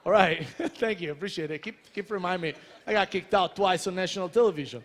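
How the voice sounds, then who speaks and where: An Italian-accented man in his thirties speaks to a crowd in a large convention hall, with a fairly high voice. He jokes with the audience and drives his points home in an animated manner. His words ring out with the long echo of the big room. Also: fast, few pauses, a little hiss or hum. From Italy. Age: 30s. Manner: joking, animated, addresses crowd directly. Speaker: celebrity chef speaker. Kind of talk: motivational talk to an audience. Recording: reverberant hall.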